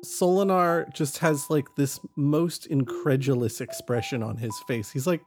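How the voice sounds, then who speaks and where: Slow-talking man player. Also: medium pitch, steady tone, over music. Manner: laid-back, jokey. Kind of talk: tabletop game play.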